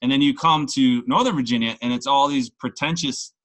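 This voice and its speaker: Bright-voiced rambling man. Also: mid-range voice, brisk, rough recording. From Washington, D.C. area. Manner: rambling, self-mocking, animated asides. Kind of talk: casual tipsy chat.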